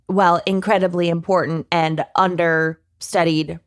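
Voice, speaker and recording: A woman's voice: lowish voice, steady tone, no echo, studio quality. A woman in her thirties co-hosting a casual podcast chat, tired and laughing often. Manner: laughs often, slow and loose. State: tired, early morning. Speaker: podcast co-host.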